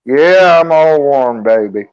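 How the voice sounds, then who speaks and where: A man's voice: mid-range voice, animated, slow, a little mellow, smooth, dull audio. A man joining a livestream as a guest, talking casually and in a laid-back way. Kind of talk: casual chat.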